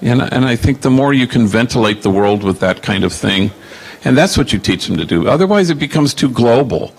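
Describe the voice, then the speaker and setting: A man in his sixties, a Jesuit priest answering audience questions, telling stories in a reflective, halting way with many fillers. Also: medium pitch, animated, gravelly, husky. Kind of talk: Q&A storytelling.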